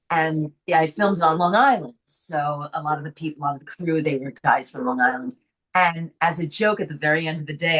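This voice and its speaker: Animated older woman storyteller, lowish voice. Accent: faint New York. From the Bronx, New York. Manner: animated storyteller, laughs often. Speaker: actress guest. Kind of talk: casual interview chat.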